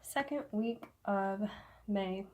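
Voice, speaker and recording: Slightly hoarse woman reading tarot. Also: mid-range voice, noisy background. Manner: halting, many fillers, soft laughs. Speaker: tarot reader. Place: indoor room with incense smoke.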